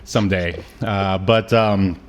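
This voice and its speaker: A man co-hosting a podcast in casual chat, rambling with lots of fillers and quick laughs. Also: deep voice, steady tone. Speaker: podcast co-host.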